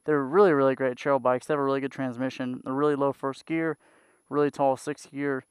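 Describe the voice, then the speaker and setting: A man's voice: medium pitch, little pitch movement, fairly quick, smooth, no room sound, clean studio sound. A man vlogging about his dirt bike in a laid-back, rambling way, swearing freely. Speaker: motorcycle vlogger. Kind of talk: casual vlog chat about a dirt bike.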